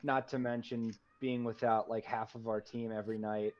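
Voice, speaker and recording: A man's voice: medium pitch, flat delivery, moderate pace. Rambling man on a dull lo-fi recording. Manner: rambling, many fillers. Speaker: podcast co-host. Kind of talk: casual sports chat.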